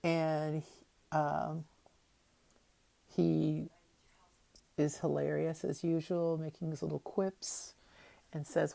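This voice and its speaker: A woman's voice: sits low, level tone, slow pace, gravelly, pauses often, warm tone, dry recording. A woman giving a chatty, wry recap of a TV episode, with lots of fillers as she talks it through. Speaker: TV episode commentator.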